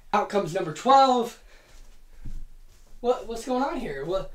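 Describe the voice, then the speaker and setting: A woman hosting a comedic monologue, telling a made-up wrestling card in a profane, excitable, rapid-fire way. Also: medium pitch, a little hiss or hum. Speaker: host. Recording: roomy echo.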